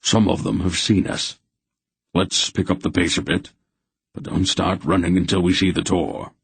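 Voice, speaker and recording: A man doing a calm commanding old sorcerer. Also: deep voice, moderate pace, creaky, breathy edge, dry recording, heavily acted.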